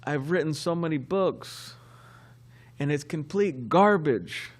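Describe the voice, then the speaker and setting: A man's voice: a little high, slow pace, pitched above the performer's own voice. A man voicing a drunk, laughing man who boasts and mocks himself in disbelief. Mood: giddy.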